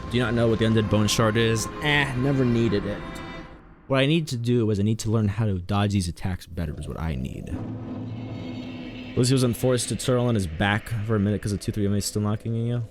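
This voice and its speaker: A young man streams a game and chats casually, rambling and poking fun at his own mistakes. His voice sits lowish and runs a little fast, with music playing behind him.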